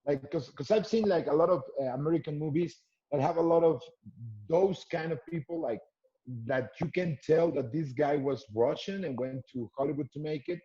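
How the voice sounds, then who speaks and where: A man's voice: fairly high pitch, a little fast, warm tone, dull audio. A man from Mexico, a comedian guest, rambling through casual chat with lots of fillers.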